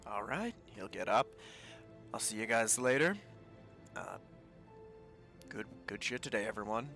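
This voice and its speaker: A male player with a fairly low, bright, forceful voice, casual and swearing freely as he plays a live tabletop game. Faint music sits in the background. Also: animated, measured pace, vocal fry. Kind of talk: live-streamed tabletop role-play.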